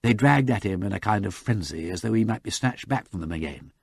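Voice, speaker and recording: A man reading a novel aloud as an audiobook narrator, with dramatic, lively narration. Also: on the low side, fairly quick, gravelly, breathy edge, dry recording, clean studio sound. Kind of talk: scripted narration.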